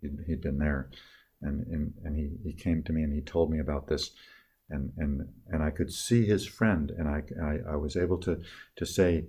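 Deep, husky older man, halting and soft. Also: fairly even intonation. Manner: halting, with many restarts and trailing phrases; soft-spoken, dropping quieter on tender moments. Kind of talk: reflective personal storytelling.

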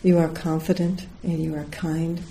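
A middle-aged woman teaches as a Zen teacher in a dharma talk, her voice low and soft at the edges. She tells a story and brings its people to life with their own voices. A faint hiss hangs under her words. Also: flat delivery, moderate pace, low-quality recording. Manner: storytelling, acts out quoted voices.

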